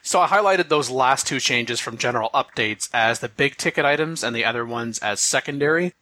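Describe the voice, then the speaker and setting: A man hosting a podcast, reading out notes and commenting on them in a measured, wry way. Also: medium pitch, pushed and bright, no echo. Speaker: podcast host. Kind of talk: casual game discussion.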